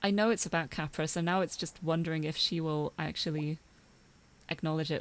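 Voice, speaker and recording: A woman streamer chatting casually while playing a game, giggly and expressive, often jumping up high when excited. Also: brisk.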